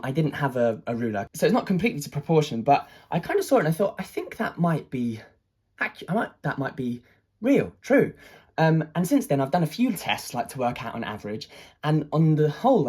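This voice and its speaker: An artist telling an excited personal story, full of hesitations, restarts and fillers. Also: mid-range voice, fairly quick, slightly rough. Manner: excited, animated retelling.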